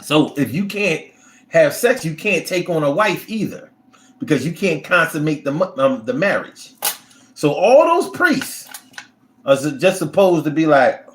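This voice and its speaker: Animated, blunt-talking man on a livestream. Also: a little high, unhurried. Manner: blunt, profane, rambling. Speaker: livestream host reading chat. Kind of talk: casual livestream chat.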